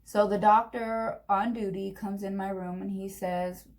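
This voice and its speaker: A young woman talks through her makeup routine and tells a story in a lively, chatty way. Her voice has a gravelly, creaky edge at mid pitch, and she tells the story like she is talking with a friend. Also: unhurried. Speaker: vlogger. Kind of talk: get-ready-with-me storytime.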